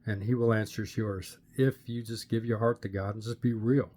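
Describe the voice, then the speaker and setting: An older man from Pittsburgh, Pennsylvania, telling his personal faith story to a camera in an earnest, plain-spoken way with many "uh" pauses. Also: fairly low pitch, steady tone, mellow. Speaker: channel host sharing his testimony. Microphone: camera facing the speaker.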